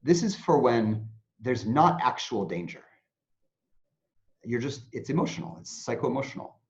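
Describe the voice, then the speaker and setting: Guy guest explaining mindfulness stuff, super lively voice, muffled lo-fi audio. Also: mid-range voice, normal speed. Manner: animated, acts out anxious inner voices. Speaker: interview guest, mindfulness teacher. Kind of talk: explanatory interview talk. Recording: dull lo-fi sound.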